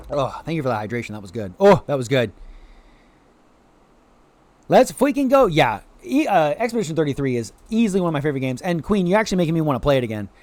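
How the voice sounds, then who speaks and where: A man's voice: a little high, sing-song, racing, darkish tone, no echo. A man from the United States chatting casually to viewers while streaming a game, greeting chat and dropping playful quacks. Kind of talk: casual live-stream chat over gameplay.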